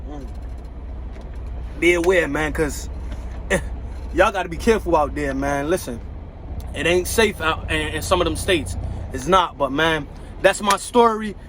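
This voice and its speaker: A man's voice: a little high, unhurried, long pauses, a bit bright, slight background noise, rough recording. A man, a truck driver, telling a story to his viewers in casual slang, repeating phrases and speaking straight to them.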